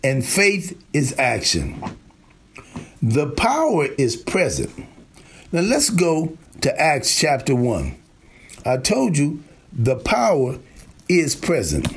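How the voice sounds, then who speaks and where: A man preaching a sermon, slow and emphatic, repeating key lines for effect. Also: fairly high pitch, slight background noise.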